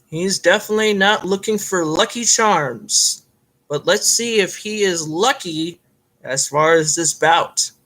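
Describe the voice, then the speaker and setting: Man doing a fake Irish fight commentator, hammy play-by-play, high voice, bright tone, rambling with fillers. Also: a little slow, poor audio. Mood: mock-formal. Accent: put-on Irish, admittedly a bit off.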